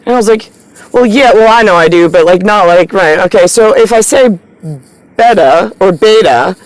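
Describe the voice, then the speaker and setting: A woman's voice: medium pitch, a little fast, dry recording, rough recording. A woman vlogging straight to camera in a meandering, profane, stream-of-consciousness monologue. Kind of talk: rambling direct-to-camera monologue.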